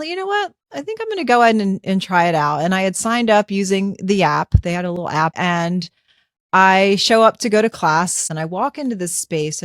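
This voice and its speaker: A woman in her fifties hosting a podcast, telling a personal story in an animated, conversational way and acting out her own thoughts. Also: on the low side, no room sound, studio quality. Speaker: podcast host.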